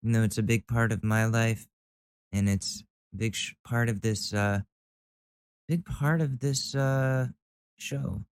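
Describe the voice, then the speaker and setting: A man's voice: medium pitch, steady tone, slow pace, clear, resonant tone. Wry man hosting a commentary show. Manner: wry, incredulous reactions. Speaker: host. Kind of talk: casual commentary.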